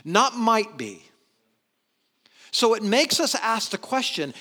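A man preaching a sermon in an animated way, swinging between loud emphasis and quiet asides. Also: high-pitched, takes it slowly, pauses often. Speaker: pastor.

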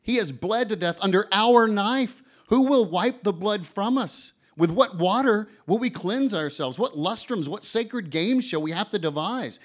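A man's voice: high voice, voice pushed up. A man voicing a frantic, wild-eyed madman who cries out in anguish, read aloud during a sermon. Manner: anguished, declaiming.

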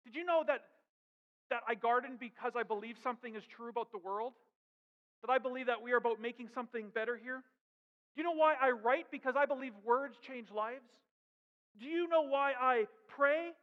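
A man's voice: extremely high pitch, fairly bright tone. A man preaching a sermon as pastor, with emphatic rhetorical questions. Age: adult with young daughters. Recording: dull sound with long hall reverb.

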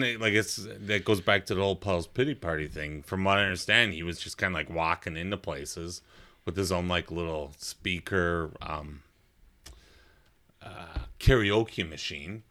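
A man's voice: sits low, normal speed, pushed and bright. A man co-hosting a casual podcast, rambling through a story with many fillers. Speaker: podcast co-host.

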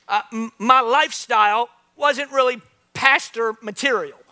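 A male pastor in his thirties preaching a sermon to a church congregation, telling stories with big swings from quiet to loud. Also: extremely high pitch, measured pace. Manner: animated storytelling, swings from soft to loud. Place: church with live audience.

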